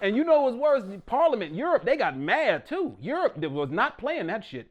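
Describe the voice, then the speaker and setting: A man performs stand-up comedy in a small, intimate room. His voice sits high and swings widely in pitch. He talks loudly and keeps dropping into mock voices for the people in his jokes. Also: big pitch swings, moderate pace, a crowd in the background.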